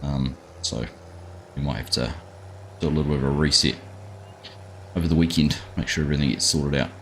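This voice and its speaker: Brisk and gravelly, a bass-voiced middle-aged Australian man chats casually on his live gaming stream. He welcomes viewers by name and often calls them mate, with a little hiss or hum in the background.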